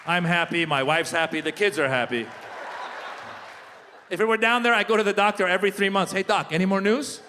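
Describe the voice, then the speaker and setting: Middle-aged comic working the crowd, pretty high voice, echoey hall. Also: male voice, a little fast, long pauses, slight background noise. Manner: lively crowd work, talks to the audience. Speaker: stand-up comedian. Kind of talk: stand-up comedy. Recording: long hall reverb.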